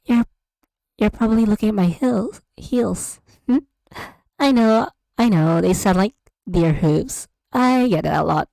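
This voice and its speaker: A woman's voice: mid-range voice, a little slow, gravelly, warm tone, no echo, voice pushed up, poor audio. A woman voicing a flirty, teasing woman in heels met on a walk home at night, as whispered role-play. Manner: coy, teasing. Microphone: USB desk microphone.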